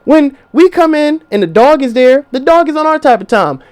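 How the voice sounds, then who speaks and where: This young podcast host has a high voice and a moderate pace. His monologue is loose and casual but animated, peppered with swearing and impressions of the people he quotes as he addresses his audience directly.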